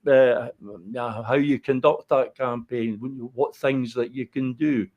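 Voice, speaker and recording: Male interviewer from Fife, mid-pitched, deliberate, pauses often with fillers. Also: steady tone, dull audio. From Fife, Scotland. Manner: measured, many "uh" fillers. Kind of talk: interview questions.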